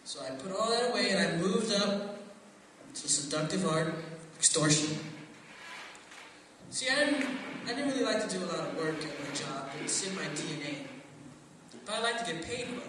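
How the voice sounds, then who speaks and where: Animated man telling stand-up stories. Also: moderate pace, pauses often. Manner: animated storytelling, acting out other people in high voices. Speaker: stand-up comedian. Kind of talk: stand-up practice set. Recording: roomy echo, far from the mic, noisy.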